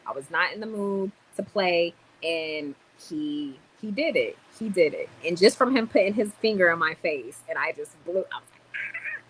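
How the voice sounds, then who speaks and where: A young woman vlogging casually on a livestream, tired and chatty, telling stories with sudden loud exclamations. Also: on the low side, lively intonation, moderate pace, slight background noise, poor audio.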